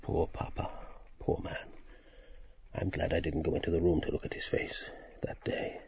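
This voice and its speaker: A man's voice: on the low side, big pitch swings, unhurried, a little hiss or hum. An actor playing a mild, wistful man who muses and hesitates. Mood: musing. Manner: musing, hesitant, rambling inner talk. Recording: dull lo-fi radio drama recording.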